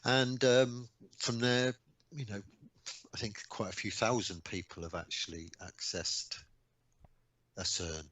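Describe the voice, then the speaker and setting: A man in his sixties from England, a radio guest recounting old memories casually, with lots of ums and mounting excitement. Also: fairly low pitch, a little slow, no echo. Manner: animated anecdotes, rising excitement, frequent ums. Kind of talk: casual storytelling interview.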